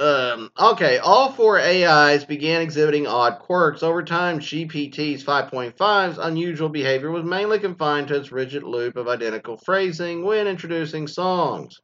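A podcast host with a mid-range male voice delivers casual, rambling commentary, animated and constantly drifting onto tangents. The audio sounds dull.

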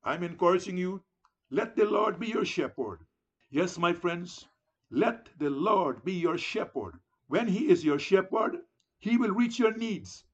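Husky, lively-pitched male preacher. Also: a little slow, muffled recording. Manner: earnest, exhorting, repeats "beloved". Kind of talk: sermon.

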